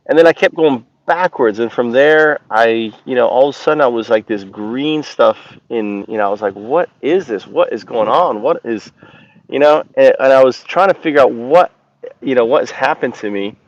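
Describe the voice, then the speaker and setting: A man recounting his experience in a halting, rambling monologue, often stopping to search for words. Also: medium pitch, vocal fry. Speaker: channel host. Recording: dull lo-fi recording.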